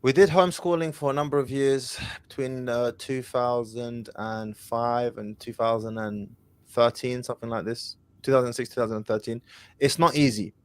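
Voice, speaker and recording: A man's voice: mid-range voice, steady tone, moderate pace, no echo. Man, host, direct, confident, Arabic phrases, dry sound. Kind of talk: advice call-in show.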